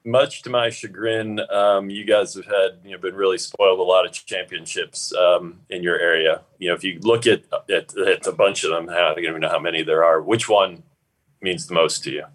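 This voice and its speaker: A man hosting a casual chat, measured, with dry humor. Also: sits low, fairly even intonation, fairly bright tone, poor audio. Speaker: host.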